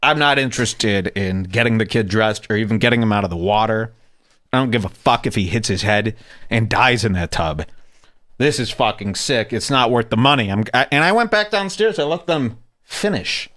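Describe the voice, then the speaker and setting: Animated man telling crude stories. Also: on the low side, normal speed, dry recording, clean studio sound. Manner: crude, animated, does silly voices. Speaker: podcast host. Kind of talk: casual comedic storytelling.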